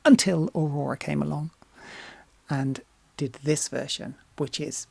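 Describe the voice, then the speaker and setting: A woman, a singer hosting her own reaction channel, talking candidly and casually, swearing freely and sometimes dropping into soft asides. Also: sits low, fairly even intonation, measured pace, vocal fry, dry recording. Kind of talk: casual reaction vlog talk.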